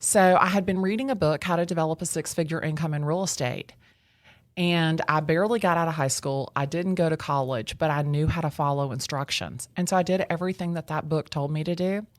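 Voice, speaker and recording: A woman, telling her career story as an interview guest in a lively, bubbly way, acting out what people said. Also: deep voice, fairly quick, dry recording. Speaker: real estate agent, guest. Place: real estate association office.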